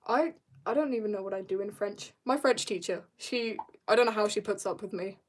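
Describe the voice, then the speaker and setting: This teen streamer has a mid-range voice and a brisk delivery. She's chatting on a drawing livestream, wandering from story to story and laughing at her own expense.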